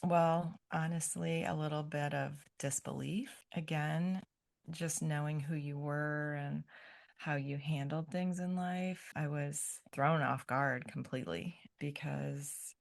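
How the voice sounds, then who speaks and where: Low creaky-voiced middle-aged woman. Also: steady tone, slow pace. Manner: gentle, thoughtful, searching for words. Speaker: guest, grandmother. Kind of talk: reflective podcast conversation.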